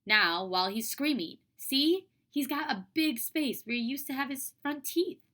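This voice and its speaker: A woman's voice: high voice, animated, measured pace, a bit bright, pitched above the performer's own voice. A woman voicing a matter-of-fact schoolboy. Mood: urgent.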